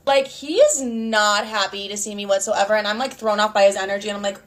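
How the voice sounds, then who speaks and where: A woman in her twenties telling a storytime casually, outspoken and animated, swearing often and acting out what people said. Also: a little high, a little fast, hardly any pauses. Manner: outspoken, animated, frequent swearing, acts out quotes.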